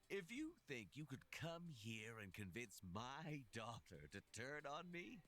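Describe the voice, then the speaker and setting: A man voicing a smug, scheming villainous father who runs an arcade empire, speaking with slow, theatrical menace in a video game. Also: mid-range voice, big pitch swings, fairly bright tone. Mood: gloating.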